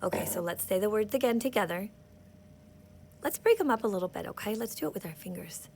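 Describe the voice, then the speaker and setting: A woman teaching an early reading lesson, slowly sounding out words for young children. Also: medium pitch, expressive, gravelly. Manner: slow, patient, sounding out words, speaks to kids.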